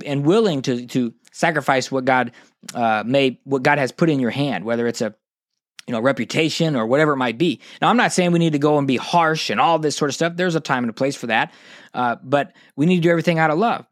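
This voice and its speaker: A man's voice: on the high side, no echo. Passionate man, dry close mic. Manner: passionate, preachy, halting with restarts. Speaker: podcast host. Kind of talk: casual monologue podcast.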